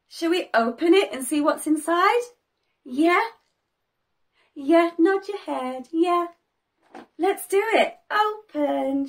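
A young woman teaching toddlers, talking in a slow, sing-song way with big gasps and cheerful praise. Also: extremely high pitch. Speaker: children's teacher. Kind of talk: toddler learning video.

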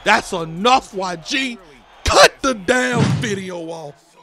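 A man calling his own basketball game with cocky trash talk, his high voice grainy with fry. He has a bright, sharp edge and keeps breaking into sing-song lines. Faint music plays underneath. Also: animated, slow. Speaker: gaming YouTuber. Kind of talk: hyped gameplay commentary.

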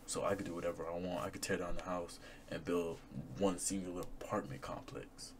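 A man's voice: low voice, flat delivery, fairly quick, background noise. A young man with a Southern US accent, rambling in slangy, laid-back reaction commentary. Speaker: YouTuber reacting to videos.

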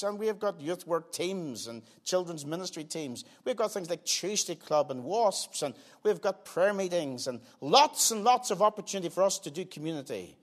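An older man preaching a sermon in a church, earnest, pressing some lines hard and dropping others to quiet, slow asides. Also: sits high. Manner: earnest, swings between emphatic loud lines and quiet slowed asides. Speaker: pastor. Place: church sanctuary.

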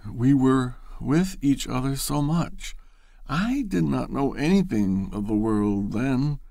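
A man's voice: medium pitch, slow, vocal fry, mellow, dry recording, clean studio sound, voice pushed up. Tearful young woman, voiced by a man. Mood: pleading. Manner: sobbing, pleading.

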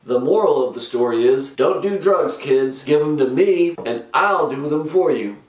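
A man's voice: on the high side, lively intonation, normal speed, recorded from a distance. A middle-aged man telling comic stories in a dry, grumpy, sardonic way. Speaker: comedic storyteller host. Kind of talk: deadpan comic retail storytelling. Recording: roomy echo, from off-mic.

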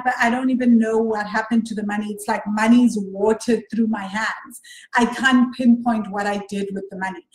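Female podcast host, money coach; talkative, conversational, fairly high voice, recorded in a roomy space. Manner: chatty, frequent "right?" and self-corrections. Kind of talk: casual solo podcast talk. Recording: roomy echo.

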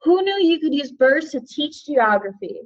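High-voiced woman leading a teaching webinar. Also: very animated, moderate pace, dull audio. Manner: friendly, reads out chat guesses and thanks participants. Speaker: webinar presenter for educators. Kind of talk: live online teaching webinar.

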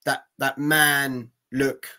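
A man interviewing a guest in a relaxed way, agreeing with him and backing him up. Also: medium pitch, very slow. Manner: supportive, agreeing. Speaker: interviewer, host. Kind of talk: casual interview chat.

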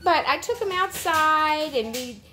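A woman's voice: sits high, expressive, measured pace, bright, forceful tone, a little hiss or hum. A woman dog breeder chatting casually in a vlog, slipping into cooing baby talk with her puppies. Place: indoors in a puppy pen area. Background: puppies whining and crying.

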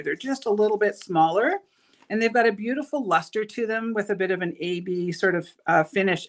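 Tired, chatty woman selling beads. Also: medium pitch. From Canada. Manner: chatty, stumbles over words. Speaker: bead shop owner hosting a live product show. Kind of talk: casual live product showcase.

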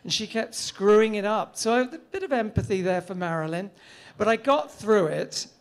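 A man's voice: high voice, expressive, moderate pace. A middle-aged man telling a comic story on stage in a witty, theatrical, camp manner.

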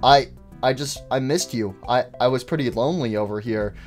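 A man voicing a shy, lonely male bunny animatronic who speaks quietly and stammers. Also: fairly high pitch, animated, normal speed, faint music behind, pitched below the performer's own voice, natural voice.

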